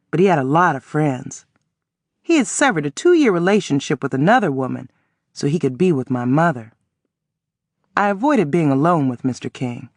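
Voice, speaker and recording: A man reads a novel aloud in first person with measured, even storytelling. His voice sits fairly high. The recording is close and dry, with no room sound. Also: no room sound. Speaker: audiobook narrator. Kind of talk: scripted first-person narration.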